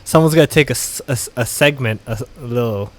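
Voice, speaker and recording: A man's voice: mid-range voice, fast. A man co-hosting a casual podcast, joking around, laughing and tripping over his words. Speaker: podcast co-host. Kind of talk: casual chat. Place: California.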